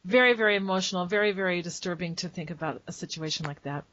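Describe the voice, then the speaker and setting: A woman's voice: lowish voice, fast, fairly bright tone, no echo. A middle-aged woman hosting an interview, talking conversationally with hesitant fillers. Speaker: interview host. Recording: dry, dull lo-fi audio.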